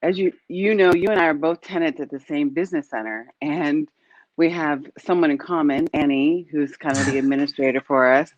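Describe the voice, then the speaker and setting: A middle-aged woman hosting an interview, chatty and animated as she tells a story over a video call. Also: deep voice, fairly quick. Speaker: host. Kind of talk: casual interview chat. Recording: dry, dull lo-fi call audio.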